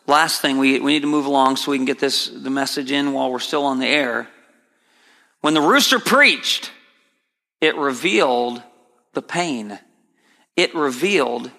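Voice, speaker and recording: A bright, forceful male preacher with a gravelly edge delivers an emphatic sermon, repeating key phrases and climbing high when he stresses a point. His voice rings out with a long reverb, as in a large church sanctuary. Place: church sanctuary, broadcast on air.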